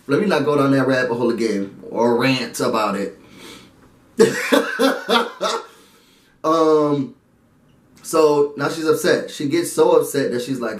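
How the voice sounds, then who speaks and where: A man casually recapping and reviewing a show episode, animated and chatty with frequent laughs. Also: mid-range voice, slow pace, pauses often, reverberant.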